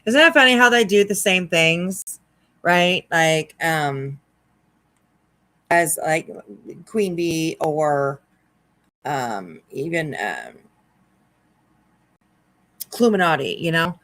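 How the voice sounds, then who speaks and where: A commentary host talking wryly over a livestream, hesitant with many pauses and restarts. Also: mid-range voice, lively intonation, fairly bright tone, no room sound, low-quality recording.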